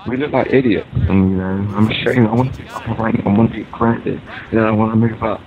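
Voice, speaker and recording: A man's voice: on the low side, steady tone, fast, phone-quality sound. A man rambling through a comedic in-character monologue, hesitant and full of ums and restarts. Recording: voice over loud video game gunfire. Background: game battle sounds with gunfire.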